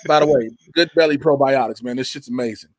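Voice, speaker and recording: Brief: young Chicago man, podcast host, loose profane chat, animated, dry close sound. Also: medium pitch, fast, dry recording. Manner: profane, laughing, animated storytelling. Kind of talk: casual chat.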